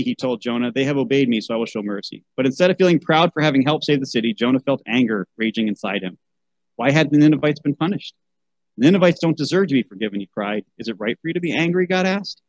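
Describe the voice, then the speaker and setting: A man's voice: fairly high pitch, no room sound, rough recording. A man reading a children's Bible story aloud, breaking off for wry asides and a rant about how such books should be chosen. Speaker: podcast host.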